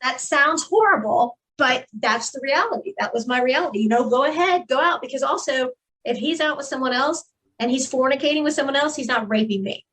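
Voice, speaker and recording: A woman's voice: high-pitched, lively intonation, fairly quick, a bit bright, low-quality recording. A woman giving a candid, earnest personal testimony as a guest in an interview, with frequent fillers.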